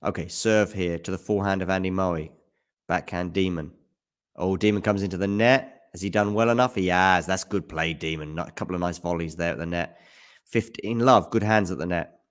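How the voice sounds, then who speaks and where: A man with a fairly low voice calls a tennis match live on a stream in a loose, casual way. He talks back to viewers from the chat between points and jumps up loud at the big shots. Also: a little fast. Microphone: handheld mic at times.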